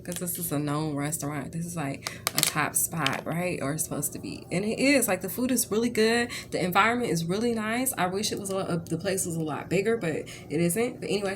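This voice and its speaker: A woman's voice: on the low side, a little hiss or hum. A woman who reads tarot, telling a rambling story in a chatty, ranting way and checking in with "okay?" again and again. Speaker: tarot reader. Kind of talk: casual storytelling tarot reading.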